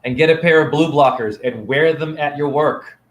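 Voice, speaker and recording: A man's voice: fairly high pitch, normal speed, reverberant. A man in a rambling, playful, preachy teaching monologue, filmed on his phone. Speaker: spiritual teacher. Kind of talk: casual teaching monologue to camera. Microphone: phone camera.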